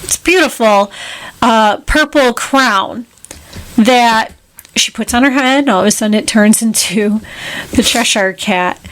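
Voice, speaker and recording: A woman co-hosting a podcast, retelling a film plot in casual chat with animated, quick asides. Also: on the high side. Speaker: podcast co-host.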